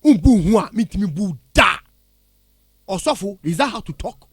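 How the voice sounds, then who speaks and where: A man's voice: sits high, big pitch swings, normal speed, breathy edge, no echo. A man with a Ghanaian accent giving heated, blunt radio commentary in a studio, mixing English with Twi. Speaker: radio entertainment pundit. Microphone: studio mic.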